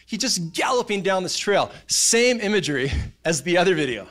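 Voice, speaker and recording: A man, preaching a sermon in a church, telling stories in an animated way and acting out voices and sounds. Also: high voice, normal speed. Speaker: pastor. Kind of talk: casual sermon storytelling. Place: church auditorium.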